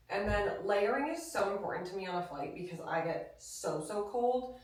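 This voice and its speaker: A woman's voice: mid-range voice, lively intonation, moderate pace, breathy edge. A young woman vlogging casually to her phone, chatty and full of "like.". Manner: chatty, peppered with "like". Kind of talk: casual travel vlog chat.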